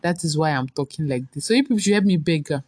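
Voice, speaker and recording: A woman's voice: sits low, animated, quick pace, darkish tone, breathy edge, no room sound. A young woman hosting a casual morning talk show, chatty and teasing, explaining things to her listeners. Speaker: host.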